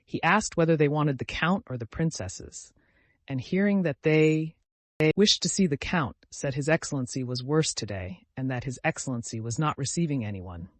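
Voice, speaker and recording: A man narrating a classic novel in a steady, measured audiobook reading. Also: fairly high pitch, no echo. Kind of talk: scripted narration.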